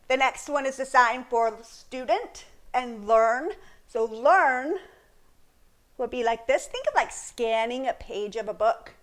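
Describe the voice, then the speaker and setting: A woman teaching a beginner sign language lesson in a chatty, explaining way, with frequent laughs. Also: a little high. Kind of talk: casual video lesson.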